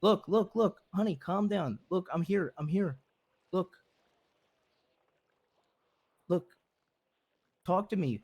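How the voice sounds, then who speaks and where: A man's voice: high voice, animated, a little slow, a crowd in the background. A man playing a blunt, devoted husband who pleads earnestly and repeats himself as he comforts his wife in a game role-play. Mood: soothing.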